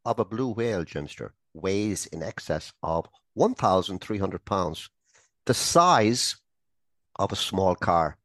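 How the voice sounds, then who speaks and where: A man's voice: low-pitched, expressive, slow pace, a bit bright, no room sound, studio quality. A man co-hosting a comedy podcast, reading trivia in a playful, teasing way and laughing often. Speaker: podcast co-host.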